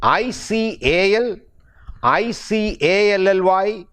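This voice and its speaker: A man's voice: sits high, animated, takes it slowly, a bit bright, smooth. A middle-aged man with an Indian English accent teaching pronunciation, spelling words out letter by letter and repeating key words. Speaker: university English professor. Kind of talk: pronunciation lecture.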